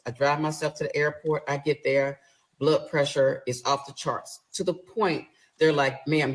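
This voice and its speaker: A woman's voice: low-pitched, rough recording. A middle-aged woman from the Atlanta area, casually telling her story to viewers and acting out both sides of the argument. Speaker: storyteller recounting her marriage.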